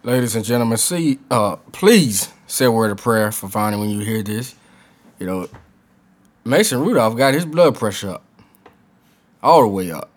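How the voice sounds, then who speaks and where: A man's voice: on the low side, lively intonation, moderate pace. Earnest man laying out his argument. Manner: earnest, lays points out step by step. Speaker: podcast co-host. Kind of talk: sports commentary chat.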